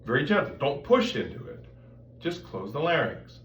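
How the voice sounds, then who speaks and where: A man's voice: on the high side, sing-song, normal speed, fairly bright tone. Man teaching voice technique in a roomy space. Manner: explains step by step, breaks into sung and croaked demonstration sounds. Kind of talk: vocal technique lesson with demonstrations. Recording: roomy sound, mic at a distance, faint background noise.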